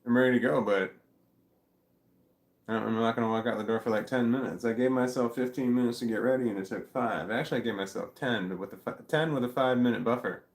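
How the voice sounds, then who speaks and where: A middle-aged man vlogging in casual chat, rambling and halting, with blunt swearing. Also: medium pitch, reverberant.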